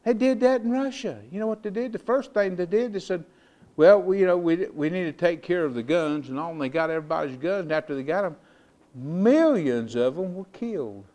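An older man, preaching in a folksy storytelling way that swells into loud, emphatic declarations. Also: sits high, animated, fairly quick. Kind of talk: sermon.

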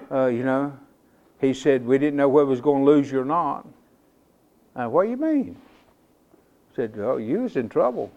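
An older man, preaching in a folksy storytelling way that swells into loud, emphatic declarations. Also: mid-range voice. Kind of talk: sermon.

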